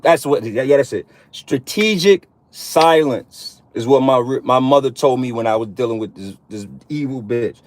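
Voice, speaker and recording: A man's voice: medium pitch, moderate pace, hardly any pauses. A man giving a casual, preachy monologue to other men, cursing often and repeating himself in street slang. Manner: profane, repetitive, streetwise slang. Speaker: online preacher addressing men.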